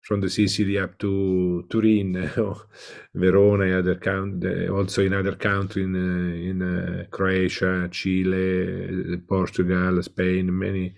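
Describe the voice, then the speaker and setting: Italian male professor, low flat gravelly voice, halting delivery over an online call. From Italy. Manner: hesitant, many filler sounds. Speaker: professor, invited lecturer. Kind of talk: online welcome talk.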